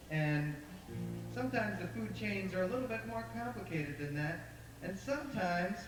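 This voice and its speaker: A man telling a story to a live audience in a folksy, conversational way. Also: fairly high pitch. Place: outdoor park stage. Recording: echoey live outdoor recording from far off with noise.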